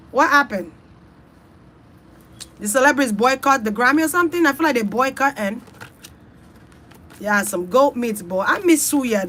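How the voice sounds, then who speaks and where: A woman's voice: on the high side, fairly bright tone, a little hiss or hum. A woman hosting a casual, rambling chat, talking loosely and with plenty of swearing straight to her viewers. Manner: loose, profane, chatty, talks straight to her audience. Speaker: online reader and host.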